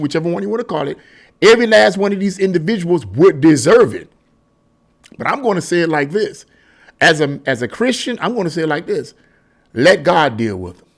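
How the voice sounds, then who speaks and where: A man delivering casual solo political commentary, emphatic and repetitive, often restarting and paraphrasing. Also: high-pitched.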